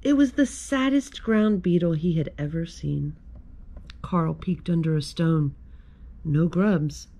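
A woman who is a children's librarian, reading a picture book aloud at storytime in a gentle, expressive way. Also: deep voice, takes it slowly.

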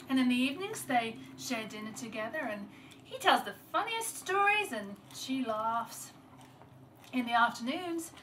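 A woman telling a folktale aloud, unscripted, with small restarts and varying loudness. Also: on the high side. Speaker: storyteller. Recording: distant mic with clear background noise.

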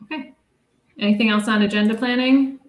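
A woman chairing a committee meeting over a video call, briskly reading out figures and running procedure. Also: on the high side. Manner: brisk, reads figures in a steady list. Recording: echoey room.

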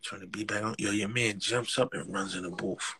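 A man's voice: lowish voice, brisk, slightly rough. A man with a New York accent, a rapper telling street stories in a casual interview, full of slang and acted-out quotes. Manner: animated street slang, acts out quotes, frequent laughs.

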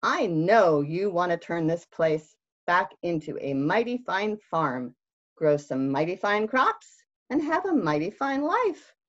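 A woman voicing a sly, fast-talking male fox salesman with a wheedling pitch, in a storybook reading. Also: very animated, full character voice. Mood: sly salesy. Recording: dull lo-fi recording.

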